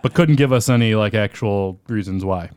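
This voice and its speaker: A man's voice: fairly low pitch, moderate pace, darkish tone, smooth, no echo, studio quality. A man playing a tabletop game, joking bluntly with the game master. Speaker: player.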